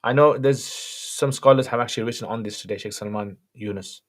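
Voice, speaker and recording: With a fairly low voice and a brisk pace, a man hosts an easygoing livestream Q&A. He voices the questions viewers send in and responds simply and conversationally.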